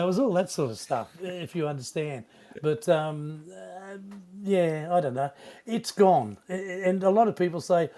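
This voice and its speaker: An older Australian man, a veteran radio broadcaster, reminiscing in a rambling, halting way with many restarts. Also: sits high, mellow. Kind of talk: casual reminiscing interview.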